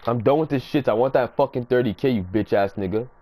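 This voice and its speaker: A man's voice: medium pitch, fast, a little mellow. A young man playing a video game, cursing and taunting his opponent nonstop. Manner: profane, furious, taunting. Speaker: gamer. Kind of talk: live gameplay trash talk.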